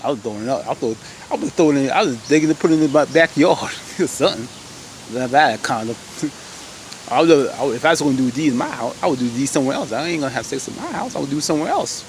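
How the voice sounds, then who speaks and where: A man casually recapping a TV episode, animated, exclaiming and laughing as he retells the scenes. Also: medium pitch, fast, slight background noise. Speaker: TV episode reviewer.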